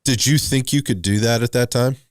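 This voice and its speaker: A man hosting a podcast who reacts briefly and asks quick follow-up questions of his guest. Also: medium pitch, clear, resonant tone, no room sound, clean studio sound. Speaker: podcast host. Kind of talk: interviewing with short backchannels.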